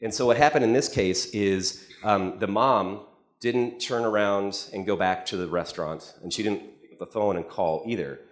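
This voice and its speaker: Low-voiced man giving a conference talk. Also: moderate pace. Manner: conversational storytelling with frequent restarts and repeated words. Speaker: conference speaker. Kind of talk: conference presentation. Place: conference hall. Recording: echoey hall.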